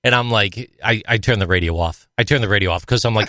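A man's voice: on the low side, quick pace, pushed and bright, dry recording, studio quality. A man co-hosting a podcast, rambling through stories in casual chat with many fillers. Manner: rambling, lots of "you know" fillers. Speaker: podcast co-host and emcee.

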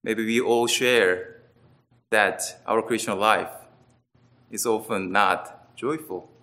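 Slow, bright-voiced man preaching. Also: lowish voice, fairly even intonation. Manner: earnest, emphatic, with wide swings between loud and quiet. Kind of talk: sermon.

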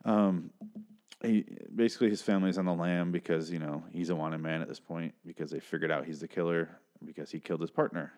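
A man with a very deep voice recaps a TV episode casually. He rambles and chats, dropping swear words as he goes. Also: fairly even intonation, brisk, a little mellow. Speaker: show recap host.

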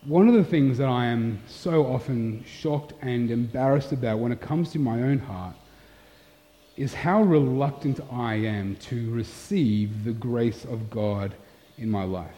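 A man's voice: mid-range voice, a little slow, mellow. A pastor giving a sermon, telling a candid, self-deprecating story from his own life. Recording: long hall reverb, dull sound.

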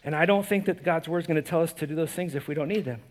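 A man preaching a conversational sermon as a pastor, animated and often restarting and repeating words. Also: fairly high pitch, very fast.

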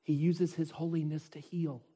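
Husky-voiced pastor preaching in a hall. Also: male voice, on the high side, level tone, moderate pace, dark tone. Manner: conversational, checks in with listeners; reads scripture aloud with rising intensity. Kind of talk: sermon. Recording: long reverb of a large hall.

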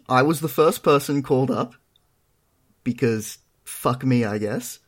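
A young man on a casual podcast, dry and self-mocking. His voice sits at an ordinary middle pitch, and he tells his stories with an easy, even delivery. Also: unhurried. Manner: dry, self-deprecating storytelling. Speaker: podcast co-host. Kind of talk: casual chat.

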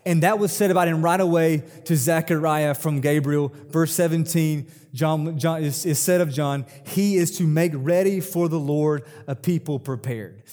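A man's voice: a little high, normal speed, hardly any pauses, darkish tone. A male pastor giving a conversational sermon, telling personal stories and growing emphatic when quoting. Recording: long hall reverb.

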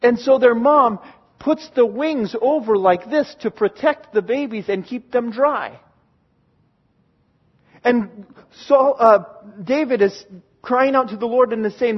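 Man, pastor, sermon, high voice, earnest, emphatic, repeats phrases, muffled lo-fi recording. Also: slow, husky. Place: church in Oregon.

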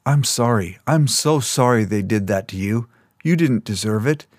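A man voicing a gentle, protective young leader. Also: mid-range voice, expressive, normal speed, dry recording, studio quality, natural voice. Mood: tender. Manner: gentle, firm reassurance. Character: tender young male corps leader, protective.

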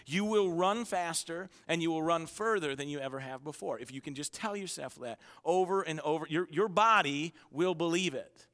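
A man preaching a sermon to his church, with energetic storytelling and self-mocking humor. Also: on the high side, normal speed, few pauses, long reverb tail. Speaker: pastor. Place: church auditorium.

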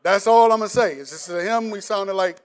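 Middle-aged man from the DC area with a local accent and a fairly high voice; a pastor giving a relaxed, joking sermon. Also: brisk. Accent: Washington DC area. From Washington DC area. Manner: casual, joking, talks straight to the congregation. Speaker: preacher. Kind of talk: conversational sermon.

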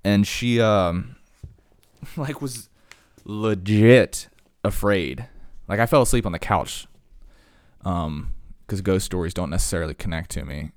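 A man's voice: lowish voice, measured pace, long pauses, no echo, studio quality. A man talking casually, rambling through stories with lots of fillers and asides.

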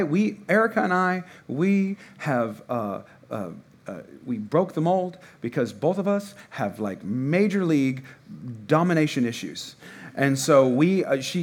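A man in his thirties preaching a sermon in a church, casual and conversational with sudden loud bursts. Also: medium pitch, breathy edge. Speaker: pastor. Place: church hall before a congregation.

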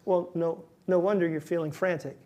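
During his sermon, a pastor stages a back-and-forth with an imagined listener and portrays that doubter in a raised, pleading way. His mellow voice sits on the high side, with fairly even intonation and a moderate pace.

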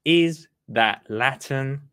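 A man hosting a podcast, chatting excitedly and gushing with exclamations. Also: mid-range voice, extremely slow, smooth, no room sound, studio quality. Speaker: podcast host. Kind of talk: excited casual chat.

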